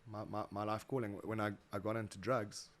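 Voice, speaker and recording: A South African man telling stories as a guest in a casual interview, animated, acting out quoted voices and often repeating words. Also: on the low side, brisk. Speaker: guest, motivational speaker.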